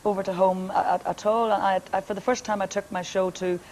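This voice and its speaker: A woman with a Northern Irish accent and a deep, powerful speaking voice, chatting and joking as a TV guest with a hearty laugh. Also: level tone, fairly quick, a little mellow, slight background noise, rough recording. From Northern Ireland. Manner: hearty, laughs often, comic storyteller. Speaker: singer and guest. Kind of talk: joking TV chat.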